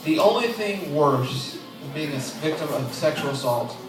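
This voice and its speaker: Young guy doing deadpan standup, kinda high voice, far off mic in a boomy club, crowd laughing. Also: moderate pace, over music. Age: 20s. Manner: deadpan, self-deprecating, chuckles at own jokes. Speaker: stand-up comedian. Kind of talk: open mic stand-up set. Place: comedy club stage. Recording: echoey club heard from afar, crowd noise. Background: audience laughing.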